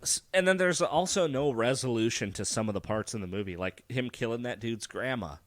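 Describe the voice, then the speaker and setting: A man's voice: medium pitch, a little fast. A young man co-hosting a podcast, rambling through movie scenes in a casual chat, full of restarts. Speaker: podcast co-host. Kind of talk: casual film discussion.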